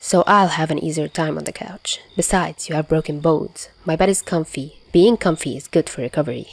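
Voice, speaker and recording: Frau spielt rauen, sanften jungen Mann. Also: female voice, sits low, a little fast, no echo. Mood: gruffly caring. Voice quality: raspy. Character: gruff short young man, gentle raspy partner.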